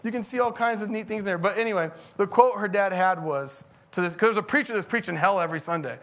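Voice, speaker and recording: A man's voice: high-pitched, fast, hardly any pauses, fairly bright tone. A middle-aged man, a pastor, preaching a conversational sermon that rises into emphatic bursts.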